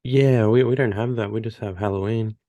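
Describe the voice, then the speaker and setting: A man's voice: on the low side, fairly even intonation, fairly quick, dark tone, no echo, highs cut off. A man from Australia, interviewing a guest in an easygoing way over a video call. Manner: easygoing, agreeable listener. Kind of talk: casual interview chat.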